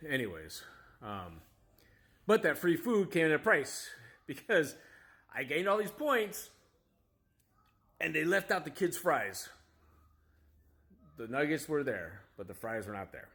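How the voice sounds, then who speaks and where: Rambling dad telling a story. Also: male voice, mid-range voice, a bit bright. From United States. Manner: rambling, self-critical, restarts and asides. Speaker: vlogger, father. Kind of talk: casual storytelling to camera.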